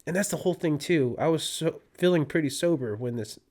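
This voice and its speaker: Young man telling a lively story. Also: a little high, fairly quick. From California. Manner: animated, laughing storyteller who acts out his own quotes. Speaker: podcast guest, disc golfer. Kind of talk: casual storytelling.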